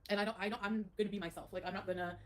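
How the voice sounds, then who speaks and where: A woman's voice: medium pitch, fairly even intonation, racing. A woman from Canada telling a personal story on a livestream, rambling and emotional, full of "like".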